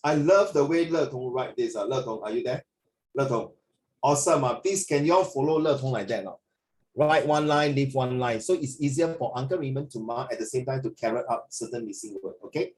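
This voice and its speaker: A man's voice: mid-range voice, brisk. A man with a Singaporean accent, tutoring a class over a video call, chatty and mixing in Mandarin. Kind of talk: online class feedback. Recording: echoey room.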